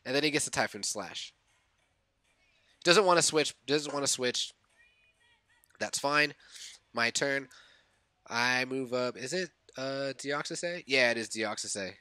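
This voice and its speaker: Excitable young male gaming commentator, bright voice, very animated, dry close mic with faint music behind. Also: medium pitch, a little slow, clear, resonant tone, no room sound. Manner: excitable, reliving his own reactions; thinks aloud, corrects himself. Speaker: gaming YouTuber. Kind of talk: casual game commentary voice-over.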